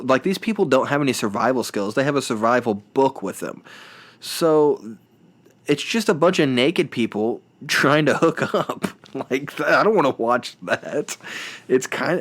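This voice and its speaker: A man's voice: mid-range voice, lively intonation, normal speed, fairly bright tone. A young man hosting a solo podcast, rambling and self-deprecating with lots of restarts and fillers. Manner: playful mimicking of reality show voices. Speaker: podcast host.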